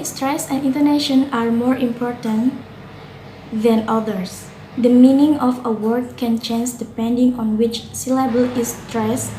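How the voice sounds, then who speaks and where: A woman's voice: high voice, warm tone. A young woman student with an Indonesian accent, earnestly reading a prepared class reflection, with occasional slips and self-corrections. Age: young adult. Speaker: student presenter. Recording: roomy, with faint noise.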